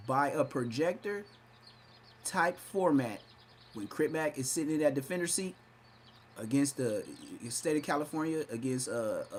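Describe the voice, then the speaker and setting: Brash, mocking man, pitched a bit high. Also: slight background noise. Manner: brash, mocking trash talk; hyped, shifts into exaggerated voices. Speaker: podcast host. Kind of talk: livestream commentary.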